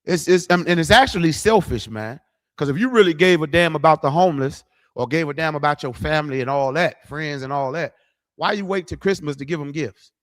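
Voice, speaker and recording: A man's voice: a little high, lively intonation, a little fast. A middle-aged man preaching, blunt, profane and conversational, livestreaming to viewers. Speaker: street preacher.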